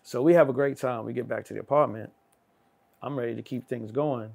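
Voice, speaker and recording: Middle-aged guy, gravelly voice, animated storyteller who acts out every character. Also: fairly quick. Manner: acts out voices of people in his anecdotes, swinging loud and high. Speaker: guest. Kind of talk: animated storytelling in casual chat.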